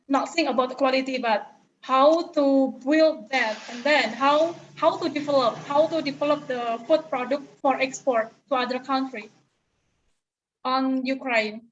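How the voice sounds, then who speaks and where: A high-voiced woman asks her questions over a dull, lo-fi video call line. She speaks slowly and hesitantly, apologizing and rephrasing as she goes. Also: a little hiss or hum. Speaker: student asking questions.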